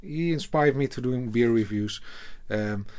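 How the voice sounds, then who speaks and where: Man, Dutch accent, native Dutch speaker, casual unboxing vlog, slow halting delivery, lots of fillers, offhand swearing. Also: medium pitch, darkish tone. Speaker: beer reviewer.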